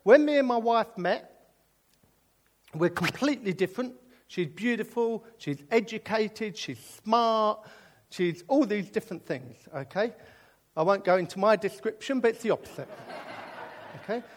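Lively, high-voiced British preacher. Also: male voice, normal speed. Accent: British English. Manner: animated and jokey, drifting into earnest preaching. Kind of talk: sermon with comic storytelling.

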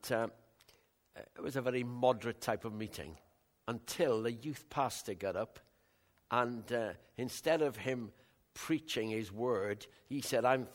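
An older man from West Wales with a West Welsh accent, a Christian minister telling rambling, animated stories of his week in a casual talk. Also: medium pitch. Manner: rambling, animated storytelling with many restarts.

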